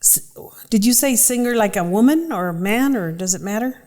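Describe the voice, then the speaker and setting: A woman's voice: medium pitch, expressive, fairly quick, a little mellow. A middle-aged woman, the guest and a host's mother, answering questions in frank, chatty talk with hesitant fillers. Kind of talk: casual interview chat. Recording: reverberant room.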